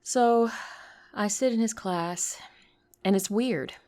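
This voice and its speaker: A woman with a lisp telling a personal story, intimate and tearful, slipping into whispers and bursting louder. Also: mid-range voice, slow.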